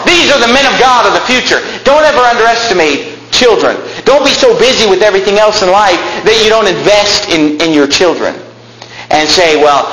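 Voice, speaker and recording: In an echoey room with faint noise, a man preaches a sermon, telling stories and climbing to emphatic peaks. His voice is a little high with a sharp tone.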